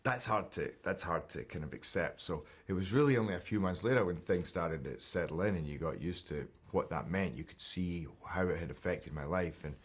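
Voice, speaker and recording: A Scottish man in his thirties talks through an interview at an easy pace with a very low voice. He sounds relaxed and self-deprecating, often restarting his sentences as he thinks aloud. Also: fairly quick, hardly any pauses, husky. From Scotland. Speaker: actor interviewee. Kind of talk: casual interview chat.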